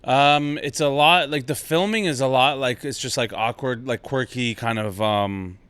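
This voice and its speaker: A man's voice: mid-range voice, a bit bright, smooth, no room sound. A man in his thirties, a comedian guest chatting casually, laid-back and swearing freely. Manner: laid-back, swears a lot, quick jokes. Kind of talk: casual chat.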